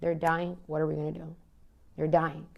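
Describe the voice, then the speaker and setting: A woman's voice: sits low, little pitch movement, normal speed, vocal fry, lo-fi sound. A woman in her thirties, speaking bluntly and with passion as an interview guest, cursing freely. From United States. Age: 30s. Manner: blunt and impassioned, swears freely. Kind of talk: candid conversational interview.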